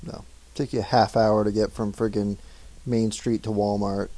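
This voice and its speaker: A man with a Down East Maine accent, relaxed and chuckling as he tells stories in casual talk. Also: on the low side, moderate pace. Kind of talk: casual profane banter.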